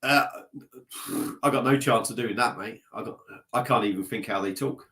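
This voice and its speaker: A man with a slightly blocked nose rambles through a relaxed live stream from his desk at home. He laughs at himself, trails off and restarts often, and talks into a laptop mic. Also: medium pitch, moderate pace. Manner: rambling, self-mocking, chatty, reading out comments. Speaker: beer vlogger live-streaming. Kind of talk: casual live-stream chat.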